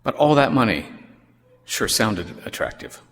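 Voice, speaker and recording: A man preaching a sermon in a church, telling a story with wry, animated asides. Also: lowish voice, unhurried. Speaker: pastor. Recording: long reverb of a church hall.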